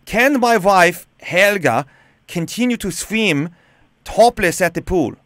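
A German man with a thick, halting accent, as a radio host puts him on, slow and earnest as he phones about his wife. The voice sits a little high, and the sound is dry and close. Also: expressive, fairly bright tone, no echo, exaggerated voice. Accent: put-on German accent.

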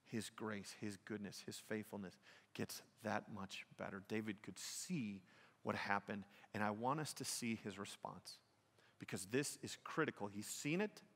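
A man preaching a sermon as pastor, telling a story with rising, emphatic delivery that swings high and loud at dramatic points. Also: measured pace, big-room sound.

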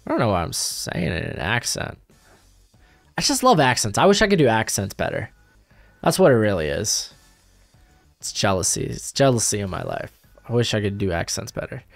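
Young male host, lively up-and-down delivery, dry close sound, faint music underneath; loose, self-correcting chatter. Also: mid-range voice, no echo. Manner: rambling, self-correcting, animated. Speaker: YouTube mock draft host. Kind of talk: casual live commentary.

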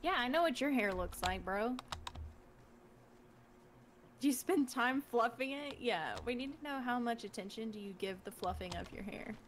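Woman gamer on stream, kinda high voice, giggly and teasing, faint hum behind. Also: expressive, moderate pace. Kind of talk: casual gaming chat.

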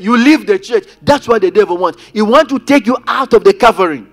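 A man preaching a sermon as pastor, calling out to his congregation and swinging between loud emphasis and quiet asides. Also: high-pitched, lively intonation, a little fast, faint music behind. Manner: preaching with rising and falling intensity, addressing congregation directly. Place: church.

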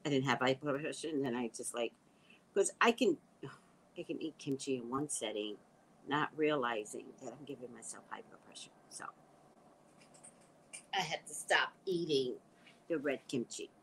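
A woman's voice: rumbling low, expressive, normal speed, pauses often, fairly bright tone, a little hiss or hum, poor audio. A woman hosting a casual livestream, reading viewer comments aloud and reacting in a chatty way, sometimes dropping to a whisper. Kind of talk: casual live chat.

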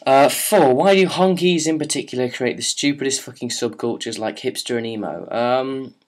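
A man's voice: medium pitch, normal speed. A young man telling a story and answering viewer questions in a casual, rambling, sarcastic way, often swearing and restarting. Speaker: vlogger.

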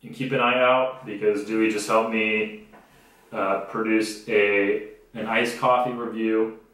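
A man's voice: lowish voice, flat delivery, a little slow, fairly bright tone, heavy reverb, rough recording. A young man hosting his own podcast from a homemade studio, telling stories in a blunt, profane, sarcastic way. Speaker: podcast host. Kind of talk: casual comedic podcast monologue.

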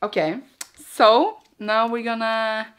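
A woman's voice: on the high side, steady tone, slow pace, a bit bright, clear, resonant tone. A young woman from Norway, speaking English, chats in a rambling, giggly way while she unboxes things for her vlog. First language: Norwegian. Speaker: vlogger. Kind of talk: casual vlog chat.

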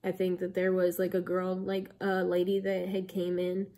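Chatty young woman with a mellow voice. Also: on the low side, monotone, moderate pace. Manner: rambling, chatty, with many likes and ums. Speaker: vlogger. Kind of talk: casual storytelling to camera.

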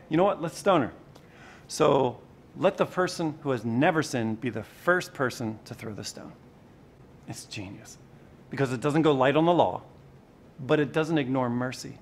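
Man, preacher, sermon, animated and conversational, mid pitch, faint rumble behind. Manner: conversational and animated, shifting loudness for emphasis. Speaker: pastor.

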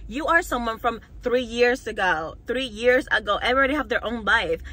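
A woman's voice: on the high side, expressive, normal speed, pushed and bright, rough recording. A young woman vlogger telling a storytime rant to camera, heated, mocking and full of swearing.

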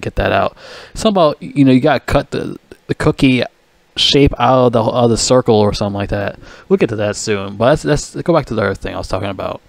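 This vlogger, a man with a mid-range voice, rants about a TV show, swearing constantly and stumbling over his words. He mocks the contestants, putting on whiny voices. There's no room sound in the recording.

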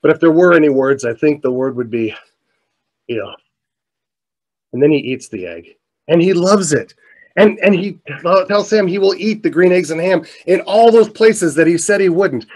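A middle-aged man telling a story in a keynote talk, animated, his voice climbing as he gets excited. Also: fairly high pitch. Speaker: motivational speaker. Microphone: presentation mic, virtual showcase.

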